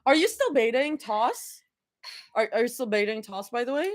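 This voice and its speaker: A woman's voice: fairly high pitch, very animated, moderate pace. A young woman chatting casually on a live stream while reading fan fiction, laughing often.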